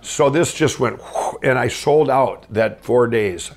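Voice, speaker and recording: A middle-aged man from Minnesota telling his own life story off the cuff, rambling with many restarts and swinging between excited and hushed. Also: medium pitch, a little slow, vocal fry. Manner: rambling, full of restarts and "I'm going". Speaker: guest storyteller. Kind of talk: unscripted personal storytelling.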